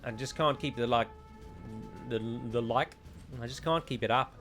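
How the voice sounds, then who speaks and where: A man's voice: medium pitch, moderate pace, a bit bright, faint music behind. A man giving joking, rambling let's play commentary on a strategy game, with a sarcastic streak.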